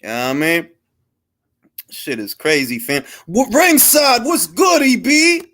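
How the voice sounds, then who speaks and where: A man's voice: sits high, expressive, a little slow, sharp tone. A man hosting a boxing talk show, chatting loosely with slang and jokes. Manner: loose, joking, slangy banter. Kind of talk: casual live-stream chat.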